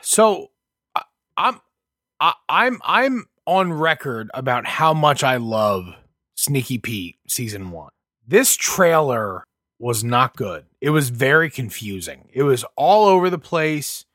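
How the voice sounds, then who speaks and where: Man, podcast co-host, bright and sharp tone, very animated pitch, emphatic reactions. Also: slow pace, no room sound, studio quality. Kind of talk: casual chat.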